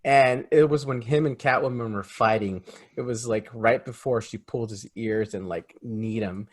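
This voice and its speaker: Animated man co-hosting a movie chat. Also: medium pitch, moderate pace. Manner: laughing, animated. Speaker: co-host. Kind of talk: casual movie review chat.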